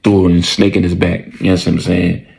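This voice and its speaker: A man's voice: low-pitched, little pitch movement, a little fast, vocal fry, darkish tone. A man casually telling a story in slangy, profane speech, often repeating his lines for emphasis.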